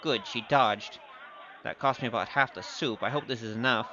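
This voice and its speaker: Guy doing a cheeky young thief in a radio play, bright forceful voice, kinda dull recording w faint hiss. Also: medium pitch, a faint crowd, close to an everyday voice. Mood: playful. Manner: wry, playful and quick-witted. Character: cocky young male thief, witty soup courier. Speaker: narrator and lead.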